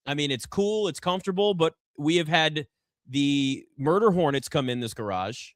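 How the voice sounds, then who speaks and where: A man's voice: a little high, expressive, normal speed, no echo. A man hosting a live basketball draft show from a garage set, chatting casually and rambling with self-deprecating asides. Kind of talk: casual live sports chat.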